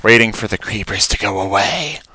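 A man's voice: lowish voice, normal speed, bright, forceful tone, dry recording. A man giving casual, rambling commentary while playing a game, talking to himself and stammering when surprised. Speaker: Let's Play commentator.

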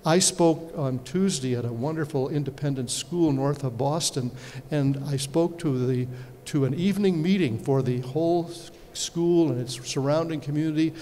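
A man's voice: a little high, normal speed, mellow. Man lecturing in a reverberant hall. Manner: storytelling with rhetorical questions to the audience. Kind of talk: conference lecture. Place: large hall. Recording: reverberant hall, faint background noise.

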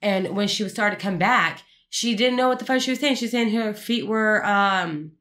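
A woman telling a story in casual family conversation, animated and acting out the people in it. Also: mid-range voice, moderate pace. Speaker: guest relative.

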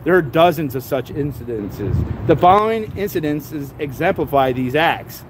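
A vlogger outdoors reads court papers aloud, stumbling over the words and breaking off for laughing, sarcastic asides. His voice is a little high and animated at a moderate pace, with a little hiss or hum in the audio.

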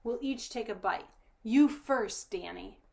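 A woman's voice: a little high, takes it slowly, creaky, a little mellow. A woman voicing an anxious, impulsive young girl who blurts out urgent, pleading lines in a storybook reading.

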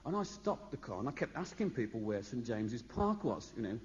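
On stage in a large concert hall, a comedian from Birmingham, England delivers rambling anecdotes with chatty asides for the audience. He speaks briskly and is very animated, his medium-pitched voice darkish in tone. Audience laughter fills the echoey, lo-fi live recording.

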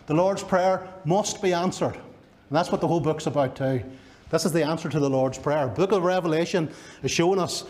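A man's voice: a little high, darkish tone. A male pastor with a Northern Irish accent preaching a sermon, emphatic and driving home key words by repeating them. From Northern Ireland.

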